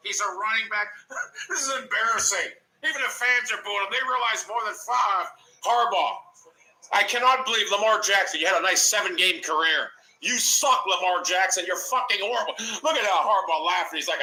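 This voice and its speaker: A man's voice: high-pitched, expressive, brisk, pushed and bright, roomy sound, rough recording. A man giving profane, mocking reaction commentary on game footage, laughing and cursing as he talks.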